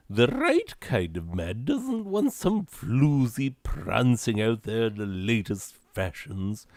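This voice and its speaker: A man's voice: medium pitch, a little mellow, no room sound, studio quality. A man voicing a snooty, prudish old-fashioned lady who lectures about proper manners in a haughty, affected accent. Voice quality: haughty, affected upper-class lilt. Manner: scolding and prudish, lecturing the listener. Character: snooty prim old-fashioned lady giving etiquette tips.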